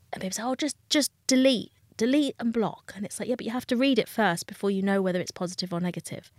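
In clean studio sound with no room noise, a woman's medium-pitched voice carries candid interview talk. She's a dating coach, a guest who speaks frankly and emotionally and performs the voices of those she quotes.

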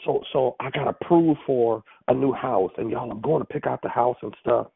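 A man, preaching as a pastor on a call line, animated and storytelling. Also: medium pitch, normal speed, creaky, slightly rough, no room sound. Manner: storytelling, animated, lively with asides. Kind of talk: sermon on a prayer call line. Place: phone call. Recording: tinny phone line, dry.

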